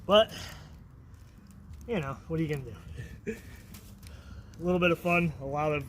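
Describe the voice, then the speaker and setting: Guy rambling to himself outside in the woods, kinda high voice, loud engine noise. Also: animated, a little slow. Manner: chatty, self-deprecating, talks to himself. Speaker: vlogger. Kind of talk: casual self-filmed commentary. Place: outdoors in muddy woods. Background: tractor engine noise.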